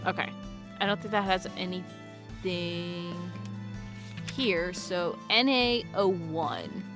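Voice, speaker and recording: A woman's voice: on the low side, slow pace. A young woman giving casual let's-play commentary, joking and mocking herself as she plays. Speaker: gaming YouTuber. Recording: game music playing behind.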